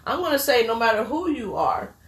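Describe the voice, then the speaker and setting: A woman's voice: on the high side, very animated, a little fast, echoey room. A woman co-hosting a casual talk show, blunt and preachy, who swears casually. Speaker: podcast co-host. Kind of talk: casual chat.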